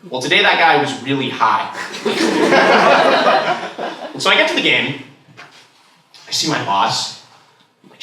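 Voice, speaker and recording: A man's voice: medium pitch, sing-song, takes it slowly, pauses often. A young man telling a rambling stand-up story, full of fillers, to a laughing crowd. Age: young adult. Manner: rambling, filler-heavy delivery. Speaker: stand-up comedian. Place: large echoey room, heard from far off. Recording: echoey room, distant mic, noisy. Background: audience laughter.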